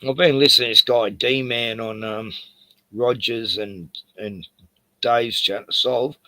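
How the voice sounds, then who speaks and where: A man's voice: medium pitch, fairly even intonation, unhurried, bright, forceful tone, no room sound. An Australian man hosting a casual stream, rambling and laughing as he chats. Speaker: streamer host. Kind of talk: casual chat.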